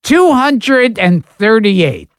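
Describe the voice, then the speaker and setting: A man co-hosting a podcast in casual chat, with a slow, drawn-out delivery. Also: sits high, very animated, no room sound, studio quality. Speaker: podcast co-host.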